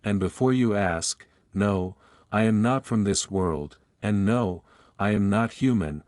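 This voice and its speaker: Brief: a self-assured young heroine, smug and matter-of-fact, low-pitched read by a male narrator. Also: a little slow, a little mellow, no room sound, studio quality, lightly acted.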